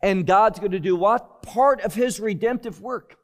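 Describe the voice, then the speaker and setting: A man preaching a Bible-teaching sermon, deliberate and emphatic, often dropping his voice low at the end of a phrase. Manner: slow, deliberate, emphatic delivery with sudden drops in volume.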